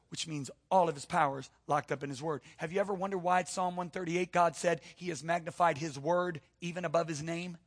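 A man's voice: sits high, fairly quick, few pauses, sharp tone. A male pastor preaching a sermon, emphatic, calling out to the congregation and repeating words for stress.

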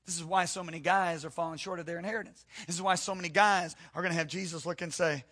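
A man's voice: fairly high pitch, steady tone, fast, few pauses, fairly bright tone. A male pastor preaching a sermon, emphatic, calling out to the congregation and repeating words for stress.

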